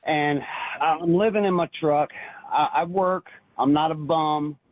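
Husky man talking over a tinny phone line. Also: fairly high pitch, steady tone, measured pace, no echo. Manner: earnest, rambling, repeats words when stirred. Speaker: caller. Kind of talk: emotional call-in storytelling.

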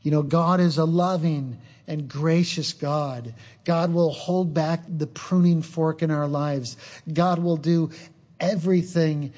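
A man's voice: a little high, a little mellow. A male preacher delivering an earnest sermon, mixing scripture with personal stories.

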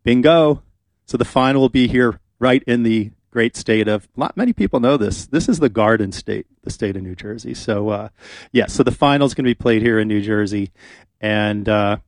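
A man's voice: lowish voice, moderate pace, dry recording. A man hosting a radio talk show, chatting casually and rambling with fillers in a studio.

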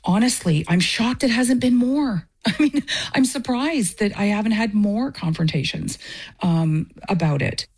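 Husky earnest Canadian-born woman. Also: medium pitch, lively intonation, unhurried, a little mellow. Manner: earnest and emotional. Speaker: festival director. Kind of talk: interview. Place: Portage, Michigan.

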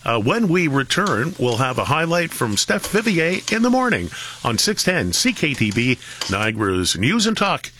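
A man's voice: on the high side, very animated, bright, forceful tone, slight background noise. A man hosting a talk radio show, chatting casually and wrapping up segments. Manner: chatty, quick wrap-ups.

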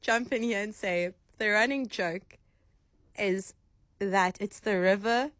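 A woman's voice: medium pitch, fairly bright tone, dry recording, studio quality. A woman co-hosting a radio show, chatting casually and laughing easily. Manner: giggly, quick to laugh.

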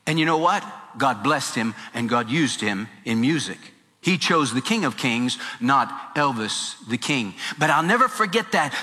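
A man preaching a sermon as pastor, telling a story with animated voices in the quotes. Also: fairly high pitch. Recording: long reverb with faint music.

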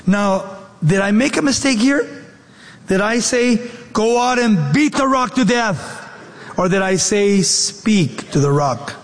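Preacher doing God, chatty and reproving. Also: male voice, high voice, lively intonation, a little slow, long reverb tail. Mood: questioning. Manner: conversational, gently scolding. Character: God as a patient, reasoning male deity.

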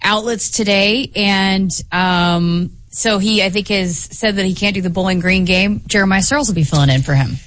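A woman's voice: medium pitch, normal speed, few pauses, a bit bright. Cheerful female sports radio co-host. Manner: cheerful, laughs often. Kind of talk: casual sports show banter.

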